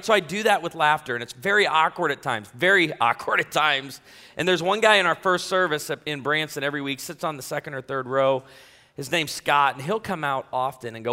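A man's voice: on the high side, a little fast, sharp tone, big-room sound. A man preaching a sermon as pastor in a church, talking straight to the congregation in a joking, self-deprecating, conversational way. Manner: talks directly to the congregation. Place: church sanctuary.

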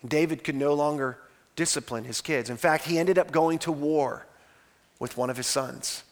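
A male pastor preaching a sermon, retelling a story dramatically, swinging from loud outbursts to hushed lines. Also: a little high, moderate pace.

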